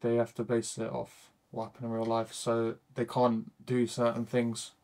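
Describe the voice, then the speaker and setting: Flat, hesitant young man. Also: medium pitch, normal speed. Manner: hesitant, full of uhs, trails off. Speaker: co-host of a TV review channel. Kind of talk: casual review chat.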